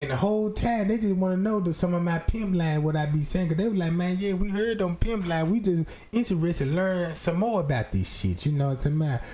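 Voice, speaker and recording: A man's voice: high-pitched, a little fast, hardly any pauses. A man telling a profane comic story in heavy street slang, acting out other voices as he goes. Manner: slangy, animated, acts out voices.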